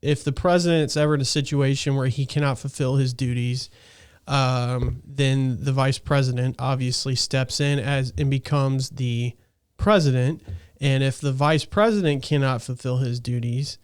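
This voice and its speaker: A man's voice: mid-range voice, steady tone, moderate pace, clear, resonant tone. A man in his thirties hosting a casual podcast, chatting in a rambling way and laughing easily. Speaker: podcast host.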